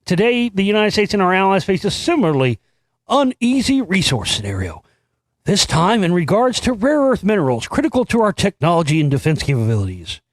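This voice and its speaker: On his commentary show, a male host with a notably high voice reads an article a little fast, his pitch swinging widely. He interrupts it with sarcastic, swearing mockery, all recorded dry and close without any echo.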